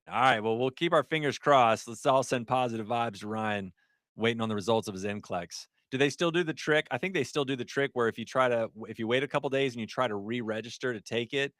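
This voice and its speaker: A man's voice: mid-range voice, a little fast, fairly bright tone, dry recording, clean studio sound. Chatty middle-aged man on a livestream. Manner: chatty, reads chat aloud, laughs often. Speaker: livestream host, ER nurse. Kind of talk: casual livestream chat.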